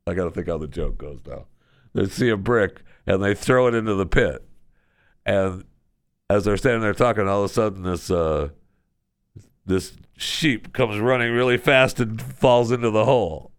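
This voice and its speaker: A man hosting a radio show, chatting casually and telling a story with lively jokes from a studio. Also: on the low side, moderate pace, no echo. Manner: animated storytelling, joking. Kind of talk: casual chat.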